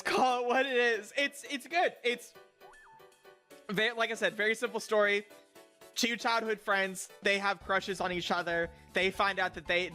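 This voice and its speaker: Bright high-voiced young man, stammering. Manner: rambling, stammering, crude, mock-outraged outbursts. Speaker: streamer. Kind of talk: casual stream chat, reviewing viewer picks.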